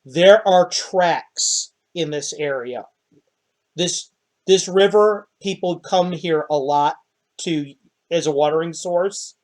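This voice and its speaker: Male game master, fairly high voice, asks players questions, runs the scene. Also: takes it slowly, a little mellow. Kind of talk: narrating a tabletop game.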